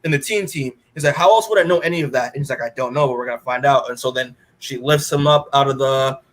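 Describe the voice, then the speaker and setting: Talking fast in a mid-range, slightly bright voice, a podcast co-host rambles casually through a recap of a comic issue, full of fillers, performing the characters' lines as he goes.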